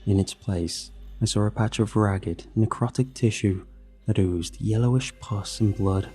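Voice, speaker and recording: A man reading a horror story aloud in a measured, grim way. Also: on the low side, mellow, slightly rough. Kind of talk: scripted horror narration. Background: faint music.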